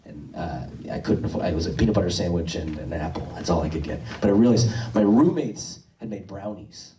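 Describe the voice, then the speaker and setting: Young male stand-up comic, self-deprecating storyteller, animated delivery, roomy distant sound. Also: deep voice, brisk. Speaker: stand-up comedian. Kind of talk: stand-up comedy set. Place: comedy club stage. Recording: echoey room from far off.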